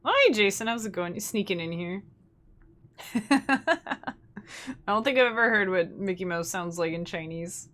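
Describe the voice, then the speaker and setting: A woman's voice: mid-range voice, expressive, measured pace, long pauses, a bit bright. A young woman, hosting a livestream in casual, rambling chat and laughing often. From Canada. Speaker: livestream host.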